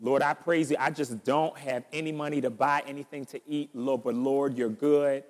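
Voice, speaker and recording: A man's voice: medium pitch, steady tone, normal speed, darkish tone, close to an everyday voice. A male preacher voicing an old godly widow who praises God fervently, in a reverberant church hall. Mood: pleading.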